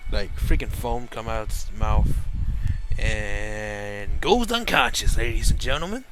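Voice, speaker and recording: A man's voice: on the low side, expressive, slow, low-quality recording. Rambling young man telling a fan story. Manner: rambling, self-correcting, laughing asides. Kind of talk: casual fan-fiction storytelling.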